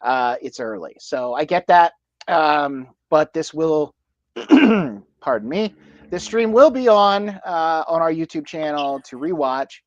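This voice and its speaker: Halting American man hosting a livestream. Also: fairly high pitch, expressive, no echo, muffled recording. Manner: halting, many fillers and restarts. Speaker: livestream co-host. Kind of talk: casual livestream chat.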